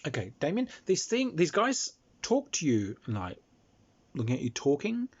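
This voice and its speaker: Man as storyteller, husky, lively and rambling, lo-fi recording. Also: fairly high pitch, normal speed. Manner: animated, chuckling, many ums. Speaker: game master telling an anecdote. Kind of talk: casual storytelling. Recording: dull lo-fi recording.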